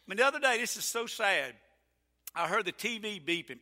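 Male pastor, folksy and emphatic, high bright voice, echoing sanctuary. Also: lively intonation, fairly quick. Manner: folksy, emphatic preaching with sudden loud peaks. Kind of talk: sermon. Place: church sanctuary. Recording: reverberant church sanctuary.

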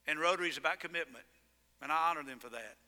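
A male pastor delivers a sermon in an animated storytelling manner, punching words with sudden loud emphasis. His voice sits high and sounds very bright and forceful. Long reverb from the sanctuary trails after each phrase. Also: very fast. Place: church sanctuary.

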